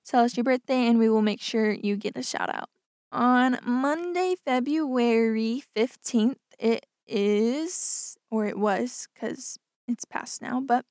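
A woman's voice: on the high side, a little mellow, no echo, clean studio sound. A young woman hosting a casual podcast, reading out listener stories and chatting about them, often saying "like". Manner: chatty, says "like" often, laughs things off. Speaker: podcast host.

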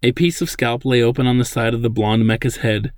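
A man reading his own science-fiction novel aloud in a steady, plain narrating voice. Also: medium pitch, brisk, dry recording. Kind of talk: audiobook narration.

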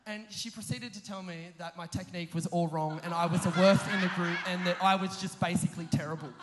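A young preacher with a very high voice tells a story that makes fun of himself, laughing through his sentences. He is lively and quick to poke fun at his own mishaps. His voice carries a long reverb from the large hall where he preaches. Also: crowd noise. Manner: animated, self-mocking, often laughing mid-sentence. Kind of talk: humorous storytelling sermon.

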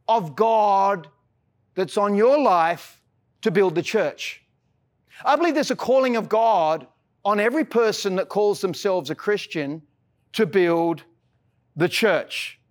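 An Australian man preaching a sermon as a pastor, earnest and casual, often repeating words as he starts a phrase. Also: high voice. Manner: mixes in casual slang.

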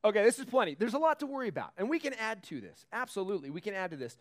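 A man's voice: sits high, sing-song, very fast. A man preaching a conversational sermon, joking and reading scripture aloud. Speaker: pastor.

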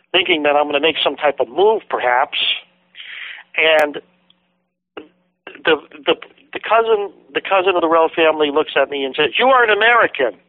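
A man tells a story as a guest author, with animated energy, acting out other people's words as he goes. His voice sits a little high. It comes through a thin, phone-like line with a dry sound and no room echo. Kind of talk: telling a story in a phone interview.

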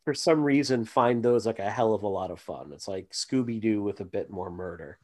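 A man's voice: fairly low pitch, brisk, a little mellow. A man hosting a podcast, chatting casually with many fillers and asides. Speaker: podcast host. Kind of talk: casual chat.

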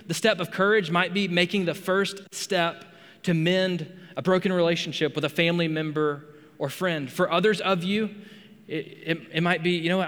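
A man's voice: on the high side, fairly bright tone, big-room sound. A man preaching a sermon as pastor, earnest, often repeating words as he starts a phrase. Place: rec center meeting room.

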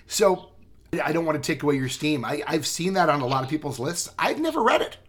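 A man's voice: a little high, very animated, brisk. A man co-hosting a podcast in casual chat, talking earnestly and with enthusiasm. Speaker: podcast co-host.

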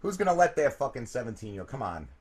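A man's voice: mid-range voice, very animated, fast, a little hiss or hum. Brash, profane male shock-jock co-host. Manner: brash, profane, mocking, jokey. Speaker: podcast co-host. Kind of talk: crude shock-jock banter.

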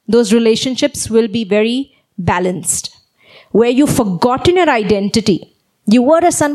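A woman with a notably high voice delivers a sermon from the pulpit. She tells stories in a lively, animated way and keeps checking in with her listeners by asking "okay?". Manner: animated storytelling, often asks "okay?". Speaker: preacher. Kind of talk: sermon with personal story.

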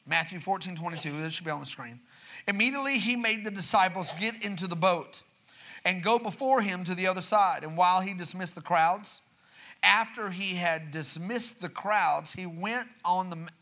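A man preaching a sermon in a church. He reads scripture quietly, asks the congregation for responses, and then builds to raised, urgent preaching. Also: high voice, moderate pace.

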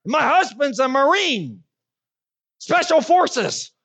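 A woman preacher putting on the voice of an angry wife shouting threats down the phone. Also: high-pitched, big pitch swings, slow, voice pushed up, heavily acted. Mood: furious.

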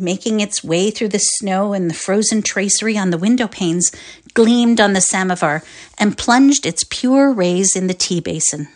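A woman reading a classic short story aloud as narrator in a readers' theatre performance, telling it expressively. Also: mid-range voice. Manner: expressive storytelling, lively voicing of quotes.

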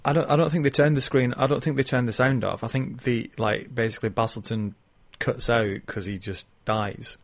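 A man's voice: mid-range voice, steady tone, moderate pace, few pauses. Laughing man retelling a story. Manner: laughs often while retelling, acts out quoted lines. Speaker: podcast co-host. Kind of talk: casual chat retelling a novel.

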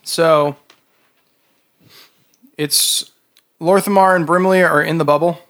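Male game master, unhurried scene narration with fillers. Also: a little high, steady tone, fairly bright tone. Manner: slow, halting descriptive narration with fillers.

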